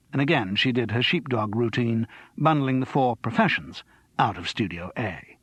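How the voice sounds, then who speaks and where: A man narrating an audiobook in an expressive, lively storytelling manner. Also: medium pitch, moderate pace, husky, dry recording. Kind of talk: scripted narration.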